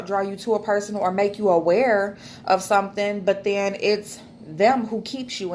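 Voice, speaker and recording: A woman's voice: mid-range voice, darkish tone, a little hiss or hum. A woman, chatting casually to her camera at home, loose and emotional, swearing freely. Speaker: vlogger. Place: at home, indoors.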